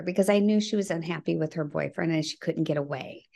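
A middle-aged woman, a podcast guest, telling a personal family story earnestly and acting out the dialogue, her voice sinking low at the heavy parts. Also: quick pace, gravelly, hardly any pauses, darkish tone. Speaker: podcast guest, bereaved mother.

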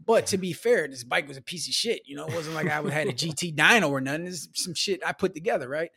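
A man's voice: on the high side, lively intonation, quick pace, gravelly, bright, forceful tone, slightly rough, dry recording, clean studio sound. Man from the Midwest, casual storyteller. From Milwaukee, US Midwest. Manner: loose and conversational, peppers talk with "you know", "man" and "bro". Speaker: podcast guest.

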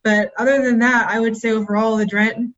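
A woman, a dog breeder on a podcast, giving measured, matter-of-fact explanations. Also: fairly high pitch, little pitch movement, fairly bright tone. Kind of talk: informative interview answers. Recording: dull lo-fi sound.

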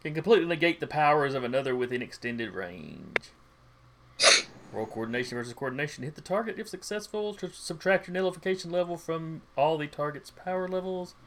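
A man's voice: on the high side, expressive, brisk, heavy background noise. A man running a tabletop game as game master, reading out rules plainly and asking players for rolls. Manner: reads rules aloud, plain and matter-of-fact.

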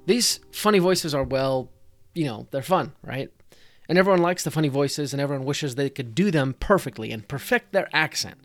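A man's voice: a little high, animated, normal speed, faint music behind. A man hosting a podcast, talking directly to the listener in a conversational, scripted way as he gives advice to dungeon masters. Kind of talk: scripted tips talk.

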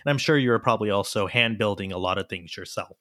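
A man's voice: fairly low pitch, quick pace, a bit bright, no echo, studio quality. A man co-hosting an interview, asking casual, leading questions. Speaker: co-host. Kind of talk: conversational interview.

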